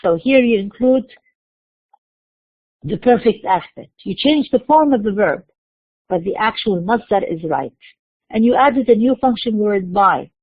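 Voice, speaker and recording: A woman teaches a university class, working through each point and asking questions she then answers herself, with repeated restarts. Her voice sits at a middle pitch. The recording is dry and tinny, as if heard over a phone line. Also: lively intonation, a little slow, long pauses, no echo. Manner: explanatory, repeats words and restarts, asks and answers own questions. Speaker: lecturer. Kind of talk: university lecture.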